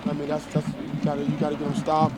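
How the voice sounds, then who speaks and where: In a post-game press conference, a college football head coach responds to reporters, emphatic yet measured, repeatedly restarting and echoing his phrases. His high-leaning voice is delivered completely flat over heavy background noise.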